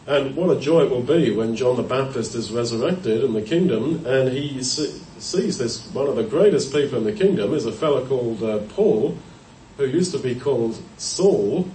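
A man of mid pitch delivers a Bible teaching sermon, working through verses in a measured, explanatory way with pauses and small self-corrections. He sounds set back from the microphone in a roomy space with a faint hiss underneath. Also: animated, dark tone. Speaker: preacher. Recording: roomy, distant mic, faint background noise.

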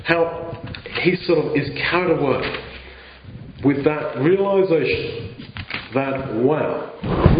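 A man preaching a sermon in an earnest, halting way, often restarting his phrases. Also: mid-range voice, reverberant, dull audio, background noise.

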